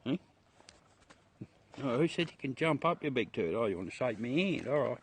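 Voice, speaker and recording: His mid-range voice is husky and sing-song, moving at a moderate clip. He's a middle-aged Australian host chatting loosely to livestream viewers outdoors after dark, casual, chuckling, and swearing freely.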